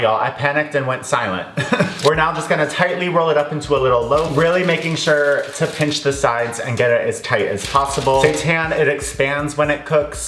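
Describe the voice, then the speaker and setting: A man's voice: medium pitch, roomy sound, background noise. A man chatting casually through a home cooking vlog, laughing often and calling his viewers y'all. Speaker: cooking vlogger. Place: home kitchen.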